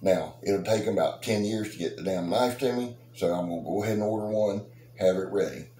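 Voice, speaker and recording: A man's voice: on the low side, a little fast, dark tone. Middle-aged guy rambling about knives, jokey and folksy, faint noise behind. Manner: rambling, joking, folksy and boastful. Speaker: knife channel host. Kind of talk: casual talk to subscribers. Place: outdoors. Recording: roomy echo with faint noise.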